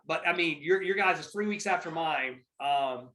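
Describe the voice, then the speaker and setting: Man, podcast host, high voice, bright and forceful tone, rambling, swears a lot, emphatic. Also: moderate pace, rough recording. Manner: profane, rambling, emphatic storytelling. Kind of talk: casual podcast chat.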